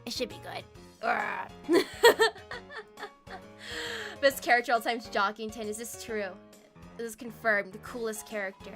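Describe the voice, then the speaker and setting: A woman's voice: on the high side, steady tone, measured pace, long pauses, fairly bright tone. A woman streamer chatting playfully with her viewers during a casual gaming livestream. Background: faint game music.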